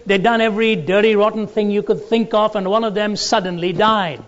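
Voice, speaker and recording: A man giving a lecture, telling stories and jokes in a deliberate, storytelling way. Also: high-pitched, fairly even intonation. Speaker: Christian apologetics lecturer. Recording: dull lo-fi recording in a large reverberant hall.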